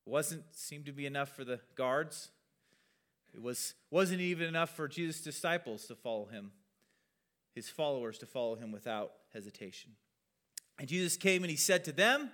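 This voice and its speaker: A male pastor delivers a relaxed teaching sermon, talking through scripture in a loose, conversational way and dropping self-deprecating asides. His voice sits a little high for a man. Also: normal speed.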